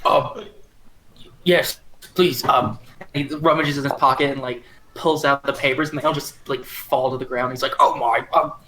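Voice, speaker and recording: A man's voice: mid-range voice, fairly even intonation, moderate pace, sharp tone, poor audio. Man at a tabletop game, rambling, hesitant, faint room hum. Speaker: player. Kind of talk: casual tabletop play.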